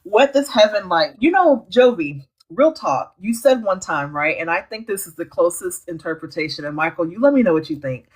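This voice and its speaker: A woman's voice: on the low side, lively intonation, slightly rough, low-quality recording. Bubbly woman hosting a live stream. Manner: bubbly, slangy, quick to laugh. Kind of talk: casual live-stream chat, reading viewer comments.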